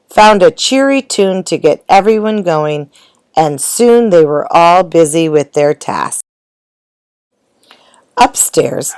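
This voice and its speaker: Woman storyteller, picture-book read-aloud, unhurried and expressive, low pitch. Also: no room sound. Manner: slow, gentle, expressive. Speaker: storybook reader.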